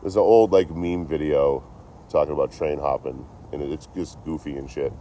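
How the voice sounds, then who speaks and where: A man's voice: extremely low pitch, steady tone, normal speed, warm tone, a little hiss or hum. A man from the Boston area, chatting casually on a livestream outdoors, rambling and swearing freely. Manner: rambling, profane, laid-back. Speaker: traveling livestreamer. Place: outdoors behind a store. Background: faint passing vehicles.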